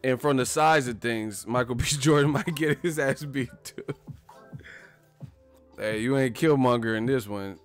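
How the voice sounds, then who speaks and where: A man hosting a video, ranting in a profane, animated, joking way. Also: medium pitch, a little slow, soft background music. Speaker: video host. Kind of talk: casual comedic rant.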